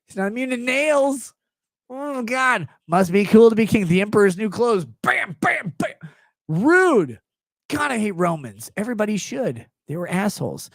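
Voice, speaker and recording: A man riffing on a livestream in a crude, joking, sarcastic way. His pitch leaps and dips all over the place as he acts out bits. The sound is close and dry, with no room around it. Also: moderate pace, no room sound. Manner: profane, mocking, animated riffing. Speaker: livestream host. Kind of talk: casual irreverent monologue.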